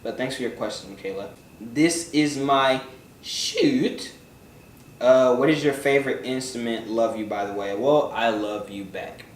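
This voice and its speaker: A man's voice: on the low side, fairly even intonation, a little fast, few pauses, darkish tone. A young man answering viewer questions in a loose, joking vlog chat, often swearing and trailing off into mumbles. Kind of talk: casual chat. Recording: roomy, from a distance, faint background noise.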